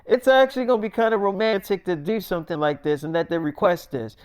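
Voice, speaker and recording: A man spins an improvised story in casual, slangy talk full of swearing. His voice sits high for a man and sounds smooth and resonant. He keeps it loose and conversational. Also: quick pace, few pauses, darkish tone.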